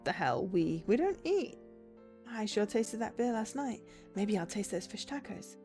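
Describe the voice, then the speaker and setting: A woman's voice: medium pitch, big pitch swings, a little slow, mellow, soft background music. A woman voicing a blunt, dry-humored invisible young ghost woman while reading a visual novel aloud.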